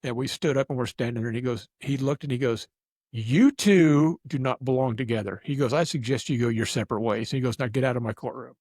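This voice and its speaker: A man's voice: mid-range voice, steady tone, fast talker, hardly any pauses, a little mellow, slightly rough, no echo, clean studio sound. Rambling man telling a story. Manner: rambling, self-deprecating, restarts a lot. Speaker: guest storyteller. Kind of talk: casual storytelling chat.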